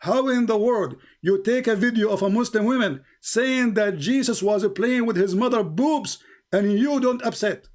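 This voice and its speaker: His voice sits high and a little mellow, at normal speed, as he hosts a heated live debate over video call. The host argues combatively, repeats phrases, and speaks with non-native, broken grammar.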